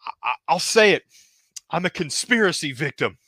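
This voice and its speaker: A man voicing an impression of a frustrated male wrestler complaining on the microphone that he is always held down, self-pitying with loud outbursts. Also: fairly high pitch, expressive, normal speed, slightly rough, no room sound, voice pushed up, heavily acted. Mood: aggrieved.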